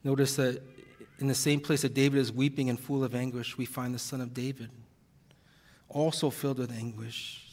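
A man's voice: medium pitch, flat delivery, moderate pace, a little mellow. A male pastor preaching an earnest, heavy-hearted sermon, audibly emotional at times. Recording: long reverb of a large hall.

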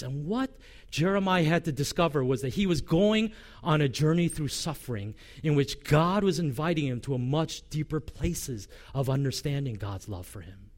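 A man's voice: on the high side, expressive, moderate pace, a little mellow. A male pastor preaching a sermon with passion, voicing a prophet's complaints in the first person.

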